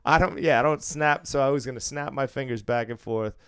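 A man's voice: medium pitch, brisk, clear, resonant tone, dry recording, clean studio sound. A man in his thirties telling a work story from his job as a casino supervisor in casual chat, swearing freely and acting out the people he quotes. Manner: profane, animated, acts out quotes.

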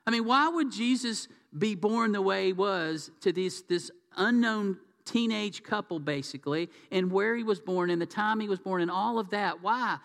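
A man's voice: sits high, normal speed, gravelly, few pauses, a bit bright. A man preaching a sermon in a conversational, folksy way. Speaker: pastor. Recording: reverberant hall.

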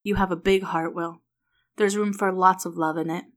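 Woman doing a soft tender dad, voice cracking, low-ish. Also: steady tone, normal speed, lightly acted. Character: tender emotional father, adult man.

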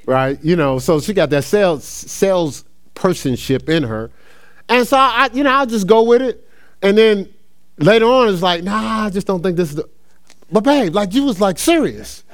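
High, smooth and very animated, this man's voice moves at normal speed. He's a middle-aged New Jersey preacher sharing personal stories in a relaxed sermon, often laughing and calling the crowd y'all.

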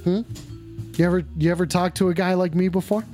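A man hosting a livestream call-in show, talking to his chat in a rambling, exasperated, profane way, stretching some lines out and rushing others. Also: high-pitched, level tone, mellow, soft background music. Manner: profane, exasperated, scolding viewers; drawn-out emphatic lines mixed with quick asides. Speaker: livestream host taking call-ins.

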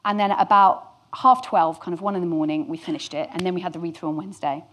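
A woman's voice: lowish voice, steady tone, quick pace, fairly bright tone. A woman candidly telling a work anecdote to an audience, with some swearing and self-deprecating humour. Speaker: storyteller guest.

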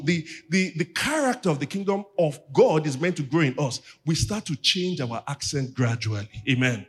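A pastor delivering a teaching sermon in church, calling on the congregation to repeat after him. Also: male voice, on the high side, animated, moderate pace, hardly any pauses, breathy edge.

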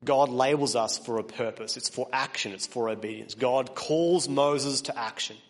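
A man's voice: medium pitch, normal speed. Earnest preacher man in a reverberant hall. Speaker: pastor. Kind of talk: sermon.

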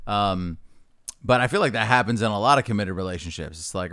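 A man's voice: lowish voice, expressive, normal speed, a bit bright, smooth, dry recording. A young man joking crudely in loose podcast chat. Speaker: podcast co-host. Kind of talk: casual chat.

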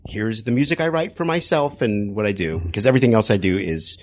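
A man appearing as a composer guest on a podcast, talking in a soft-spoken, hesitant way. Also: fairly low pitch, brisk. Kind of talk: casual podcast interview.

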